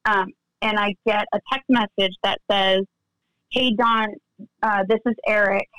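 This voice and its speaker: A woman's voice: medium pitch, measured pace, clear, resonant tone, dry recording, low-quality recording. A woman telling a personal story in a casual interview, acting out the lines of the people in it. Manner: animated, acts out quoted dialogue. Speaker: guest, friend recounting events.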